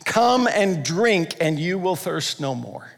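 A man's voice: sits high, very animated, slow, vocal fry, a bit bright, exaggerated voice. A man preaching and acting out an intense, commanding man who declares who he is, with solemn, stretched words. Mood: booming. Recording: long hall reverb.

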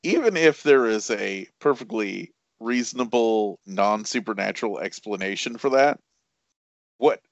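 A man's voice: lowish voice, lively intonation, unhurried, creaky, dry recording. A man chatting through a casual movie commentary, swearing freely and laughing at the film. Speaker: podcast co-host. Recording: dull lo-fi dry recording.

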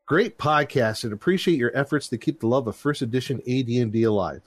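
A man's voice: medium pitch, expressive, fairly quick, no echo. A middle-aged man hosting a casual podcast, reading listener reviews aloud with jokes, close to a dry mic. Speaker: podcast host.

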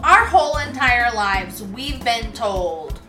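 A woman's voice: on the high side, expressive, slow pace, bright, forceful tone, echoey room, faint music behind. A woman co-hosting a casual podcast, blunt and sarcastic, cursing freely. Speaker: podcast co-host. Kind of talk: casual comedic chat.

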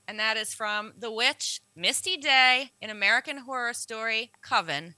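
A woman co-hosting a casual podcast, talking with eager, lively enthusiasm. Her voice is very bright and sharp, recorded close and dry with no room sound. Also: a little high, moderate pace, hardly any pauses, dry recording, poor audio. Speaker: podcast co-host. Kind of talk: casual chat. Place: New Orleans.

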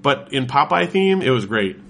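A man from California chats casually, with a clear, bright tone to his voice. He tells stories enthusiastically and rambles through lots of filler words. A faint hiss sits under the recording. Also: medium pitch, very animated, moderate pace. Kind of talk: casual chat.

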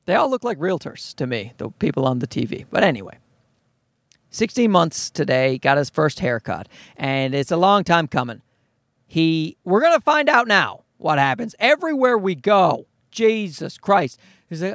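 Gravelly, animated ranting man. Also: fairly high pitch, moderate pace, dry recording, clean studio sound. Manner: profane, exasperated ranting. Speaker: father of a toddler. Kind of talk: comedic ranting monologue.

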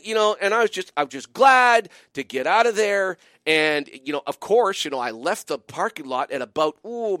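A man's voice: sits high, pushed and bright, no echo, clean studio sound. A man hosting a call-in radio show, telling a long rambling story full of "okay?" and "you know" asides. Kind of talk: animated storytelling monologue.

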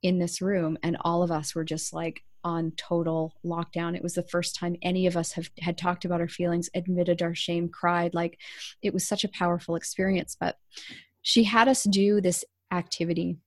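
A woman's voice: lowish voice, little pitch movement, normal speed, no echo, studio quality. A middle-aged woman coach telling her own story as a podcast guest, candid and emphatic, acting out the things she once said. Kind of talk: personal storytelling in an interview.

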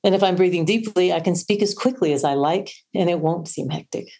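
A woman's voice: lowish voice, fairly quick, creaky, dark tone. A woman voice coach on a podcast, explaining and demonstrating how breathing shapes the voice. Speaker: voice coach guest. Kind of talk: podcast interview.

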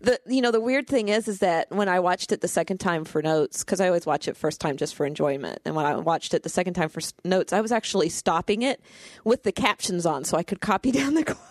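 A woman's voice: fairly low pitch, fast, dry recording, clean studio sound. A woman co-hosting a casual film review chat, talking in a chatty way with frequent laughs and restarts. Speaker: podcast co-host.

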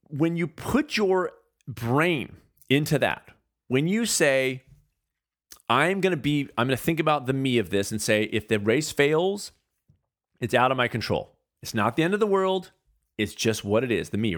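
A man's voice: mid-range voice, a bit bright. A man talking straight to his listeners in a casual motivational monologue, earnest and conversational, repeating phrases for emphasis and restarting his sentences. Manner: restarts and stammers mid-thought.

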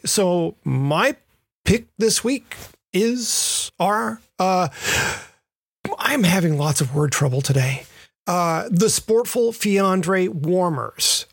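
A man co-hosting a cycling podcast offers his gear pick in a casual chat full of ums, sounding hesitant and self-deprecating. His voice is high and gravelly, captured at studio quality with no echo.

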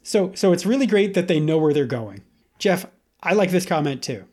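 A man's voice: sits high, lively intonation, moderate pace, a little mellow. A young man hosting a podcast, chatting casually, laughing and reading quotes aloud. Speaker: podcast host. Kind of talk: casual chat.

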